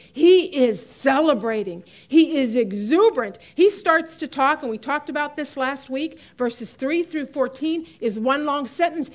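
Her voice sits high as this middle-aged woman teaches a women's Bible study, keeping things conversational. Frequent laughter punctuates her talk, and she leans on important words.

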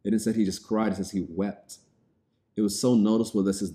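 Low, mellow-voiced male preacher. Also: fairly even intonation, a little fast. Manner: reads scripture aloud then explains it plainly. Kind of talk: sermon.

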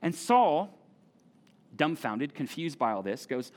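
A middle-aged pastor delivering a sermon in a church auditorium. He talks in a loose, conversational way and comes back to key words to drive them home. His voice sits a little higher than most men's. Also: a little slow. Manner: animated, conversational preaching with repeated phrases.

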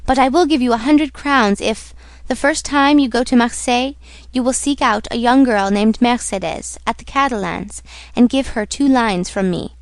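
A woman's voice: fairly high pitch, normal speed, hardly any pauses, no echo, natural voice. A woman voicing a defiant, desperate young male prisoner in an audiobook reading, insistent and pleading. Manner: insistent, pleading then threatening.

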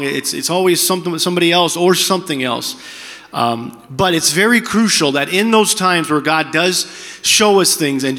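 Bright-voiced pastor preaching in a hall. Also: male voice, a little high. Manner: candid, conversational preaching with frequent restarts. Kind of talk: sermon.

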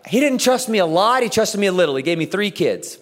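A man in his thirties preaching a sermon, telling a story with lively acted-out dialogue. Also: high voice, fairly quick. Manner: animated storytelling, acts out dialogue. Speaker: pastor. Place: church auditorium. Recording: echoey church hall.

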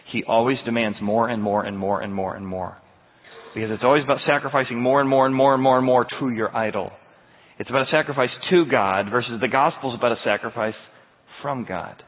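A man preaching a verse-by-verse sermon in an animated, emphatic storytelling style, heard with a tinny sound in a large hall. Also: medium pitch. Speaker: pastor.

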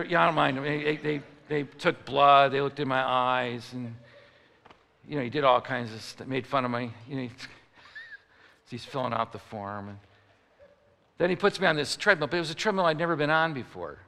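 A man from Chicago preaching a sermon, telling a comic story in an animated way that rises into mock outrage. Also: mid-range voice, normal speed, gravelly, big-room sound.

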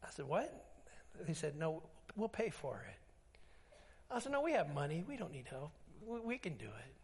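A man pastor preaching a sermon, telling stories with acted-out dialogue and emphatic swings in pitch. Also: sing-song, moderate pace. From Alaska.

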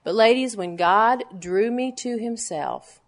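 A woman in her forties preaching a sermon to a gathering of women, pressing her points with emphatic, repeated words and then dropping to hushed, low lines. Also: expressive, unhurried. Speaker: women's Bible teacher.

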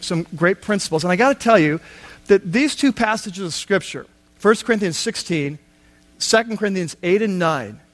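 A man preaching a sermon on a Bible passage, talking conversationally with asides and acted-out quotes. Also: high-pitched. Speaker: pastor.

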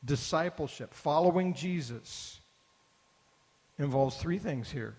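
A man's voice: on the high side, expressive, normal speed, husky. A man preaching a sermon as pastor, earnest and building to emphatic repeated phrases. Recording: long hall reverb.

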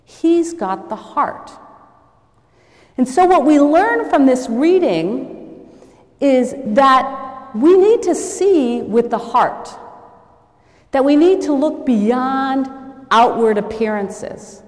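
A woman preaches in a church, her pitch rising and falling freely as she tells a story. She lightly acts out each person she quotes. Her voice sits a bit high and trails off into the long reverb of a large hall. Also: animated, takes it slowly. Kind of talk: sermon with a story.

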